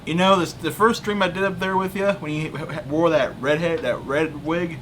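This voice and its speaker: A man hosting a relaxed livestream, cracking jokes and teasing his co-host. His voice sits a little higher than usual for a man. A faint hiss runs under the recording. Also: normal speed. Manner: joking, teasing, laughs at his own jokes. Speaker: streamer, host. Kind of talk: casual chat on a livestream.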